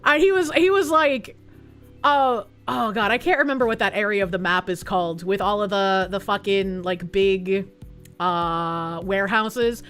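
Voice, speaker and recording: A woman's voice: mid-range voice, measured pace, a bit bright, clear, resonant tone, soft background music. A woman streamer chatting casually with her viewers, swearing freely and often breaking into squealing laughter. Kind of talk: casual chat reading viewer comments.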